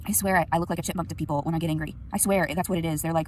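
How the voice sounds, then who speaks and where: A young woman in a rambling, profane venting monologue, swinging between loud anger and quiet sadness, recorded on a phone. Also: low voice, fairly even intonation, racing, few pauses, recorded from a distance, slight background noise. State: sleepy.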